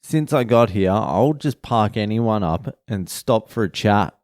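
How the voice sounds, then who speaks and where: A man's voice: on the low side, animated, a little slow, darkish tone, no echo, studio quality. An Australian man, a comedian, telling rambling, profane stories in a solo chat. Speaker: comedian and podcast host.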